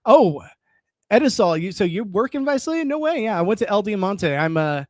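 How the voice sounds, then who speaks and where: Brief: a young man as an excitable live-stream host with a slightly high voice, dry close sound. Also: brisk, no room sound. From California. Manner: chatty and excitable, reacts aloud, laughs often. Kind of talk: casual live-stream chat, reading comments.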